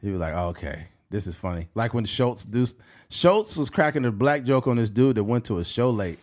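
A man co-hosting a casual podcast, telling stories in an animated way and jumping into loud mimicked voices. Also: fairly low pitch, a little fast. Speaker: podcast co-host.

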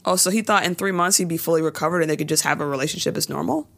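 Talking very fast in a low, gravelly voice, this podcast co-host casually runs through a TV episode. She tells it in an animated way and performs the characters' quoted lines herself.

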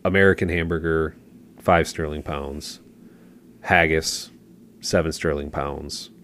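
A man's voice: a bass voice, steady tone, slow pace, a bit bright, a little hiss or hum. A man co-hosting a podcast, chatting casually and telling long jokes and stories in a laid-back way. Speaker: podcast co-host. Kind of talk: casual chat, storytelling.

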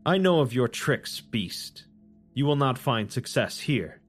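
Male narrator voicing a devout swordswoman saint; solemn, commanding, unhurried. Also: mid-range voice, expressive, soft background music. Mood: defiant. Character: devout warrior woman saint, stern and honor-bound.

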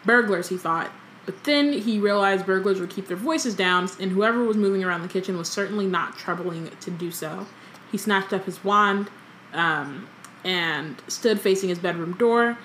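A young woman co-hosts a casual book podcast, reading a novel aloud in a mid-range, slightly bright voice at normal speed. She's chatty, often breaking off into joking commentary full of ums. A little hiss or hum sits under the recording.

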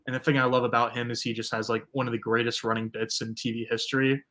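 A man's voice: medium pitch, little pitch movement, quick pace, fairly bright tone. A man co-hosting a podcast, chatting in a laid-back way with many filler words. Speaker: podcast co-host. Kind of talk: casual chat.

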